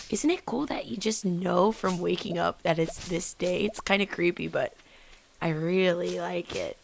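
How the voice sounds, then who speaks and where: A woman chats through a relaxed let's play at an unhurried pace. Her voice carries a gravelly, fry-laden texture, and she gets excitable and sometimes whispers. A faint hiss sits behind the desk mic. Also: lowish voice. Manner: chatty, excitable, drops into whispers. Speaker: gaming channel host. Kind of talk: casual let's play commentary.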